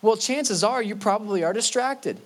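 A man preaching a sermon with a voice pitched a little high. He is earnest and often stumbles, repeating and restarting words. When he quotes scripture he slows down and stresses each word. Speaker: pastor.

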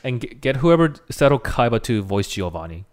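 A man's voice: mid-range voice, very animated, moderate pace. A man chatting casually with a friend. He laughs often and sometimes trails off mid-thought. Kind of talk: casual chat.

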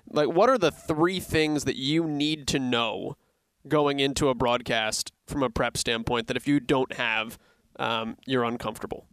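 A man's voice: mid-range voice, a bit bright, clear, resonant tone, dry recording. A man interviewing a broadcaster, asking long questions full of fillers as he searches for his words.

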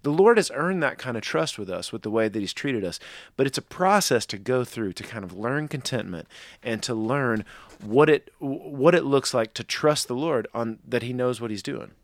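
A man's voice: mid-range voice, animated, moderate pace, no room sound, clean studio sound. A man talking earnestly in a faith podcast discussion, rambling with restarts and strong emphasis.

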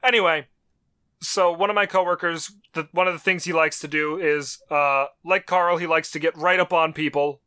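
Bright, slightly higher man teasing. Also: fairly even intonation, normal speed, clear, resonant tone. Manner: playful, teasing. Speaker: podcast co-host. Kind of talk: casual banter.

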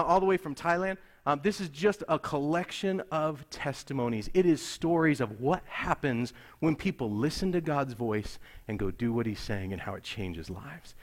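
A middle-aged man preaching a sermon as a pastor, acting out dialogue in an animated storytelling manner and sometimes dropping to near-whispers. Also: medium pitch. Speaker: pastor serving missionaries.

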